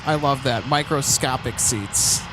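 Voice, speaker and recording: A man's voice: medium pitch, measured pace, background noise. A man from Minnesota hosting a casual live stream, chatting and reading viewer comments aloud. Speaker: livestream host.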